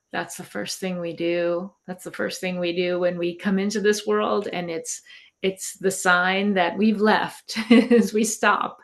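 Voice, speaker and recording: A woman guest on a podcast interview, speaking in an earnest, encouraging coaching tone. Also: fairly low pitch. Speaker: guest, author and intuitive coach. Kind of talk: casual conversational interview.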